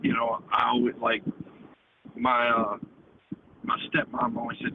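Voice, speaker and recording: A man's voice: mid-range voice, little pitch movement, normal speed, gravelly. A man from the United States calling in to a show, rambling and swearing, ending nearly every sentence with "man". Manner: rambling, profane, repeats "man" constantly. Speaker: caller. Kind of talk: casual call-in chat. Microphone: phone. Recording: tinny phone line with loud noise.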